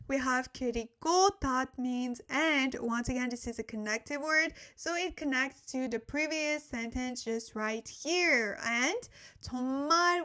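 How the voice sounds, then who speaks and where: A young woman with a high, bright-toned voice leads a casual live-stream language lesson. English is not her first language, and she speaks into a desk microphone. She chats with her viewers and laughs easily between explanations. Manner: chatty, laughs often, talks to chat viewers.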